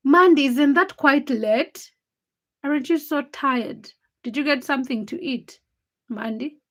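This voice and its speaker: A woman's voice: high-pitched, measured pace. A tired young woman hosting a late-night livestream, teasing and chatting with viewers as she reads their comments by name. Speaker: livestream host.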